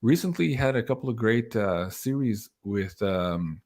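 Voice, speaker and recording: A man's voice: fairly low pitch, expressive, moderate pace, a little mellow. A man hosting a casual livestream chat, rambling along with plenty of fillers and easy laughs, on a video call mic. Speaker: livestream host.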